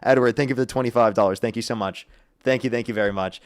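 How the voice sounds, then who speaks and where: Fast-talking livestream host, dry sound. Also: male voice, medium pitch, steady tone, clean tone, dry recording. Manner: amused, reading out donations. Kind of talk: casual livestream chat.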